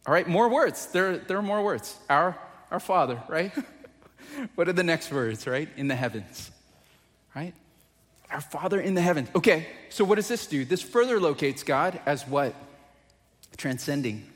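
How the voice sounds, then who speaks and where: A pastor preaching a conversational sermon, often asking the congregation questions. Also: male voice, on the high side, lively intonation, moderate pace, pauses often, big-room sound.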